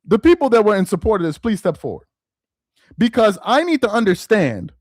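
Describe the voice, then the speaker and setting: A man hosting a live-stream commentary, reading aloud slowly with heavy emphasis and mocking what he reads. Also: high-pitched, very animated, a little mellow, no echo, studio quality. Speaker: political commentary host.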